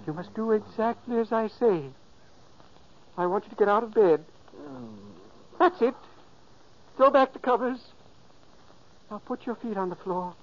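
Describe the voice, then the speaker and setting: An actor playing the ghost of an elderly man, narrating solemnly in a 1940s radio play. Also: sits high. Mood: coaxing. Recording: dull old radio recording.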